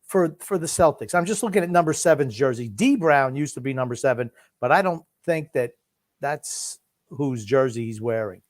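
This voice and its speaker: A man's voice: mid-range voice, expressive, normal speed, dry recording, clean studio sound. An older man co-hosting a casual chat, giving wry, playful commentary on a video clip. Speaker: podcast co-host.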